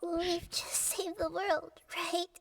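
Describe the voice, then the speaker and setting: A woman voicing a gentle, wise young girl goddess in a video game, speaking softly and earnestly. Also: very high-pitched, level tone, takes it slowly, creaky, background noise, exaggerated voice. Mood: sad, confused. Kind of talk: game voice acting. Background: game music.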